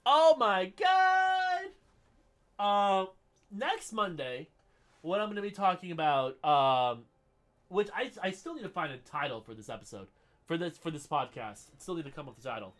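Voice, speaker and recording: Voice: mid-range voice, lively intonation, a little fast. A podcast host with a scratchy throat, chatting casually on a solo show, rambling with lots of fillers and giggles.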